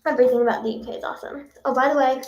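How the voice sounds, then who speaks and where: A woman's voice: high voice, steady tone, very fast, a little mellow, highs cut off. A young woman, a singer, chatting casually with viewers on a livestream in a bubbly, chatty way. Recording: echoey room.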